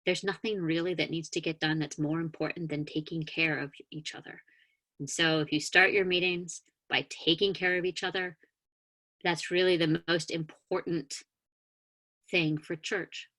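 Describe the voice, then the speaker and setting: A woman minister with a deep voice and moderate pace preaches over a video call mic. She gently leads a grounding meditation, using calm, inviting words punctuated by a few soft hesitations.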